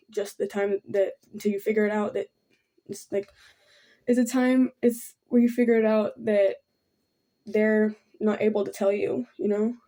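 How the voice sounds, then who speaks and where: A young Thai vlogger does her makeup while sharing a personal story, her speech halting and rambling, packed with "um" and "like." Her voice is soft, mellow, and low, with little rise and fall, and she keeps apologizing.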